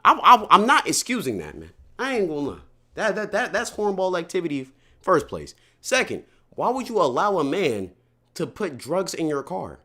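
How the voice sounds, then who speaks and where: Lively, bright-voiced man streamer. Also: high-pitched, moderate pace. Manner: blunt, profane, incredulous. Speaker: streamer host. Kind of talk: casual reaction commentary.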